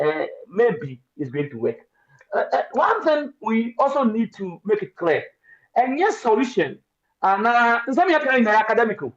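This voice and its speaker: A man with a Ghanaian accent speaking as a radio panelist, excitable and preachy, mixing Twi and English. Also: high voice. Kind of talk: animated talk radio discussion. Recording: dull lo-fi radio stream.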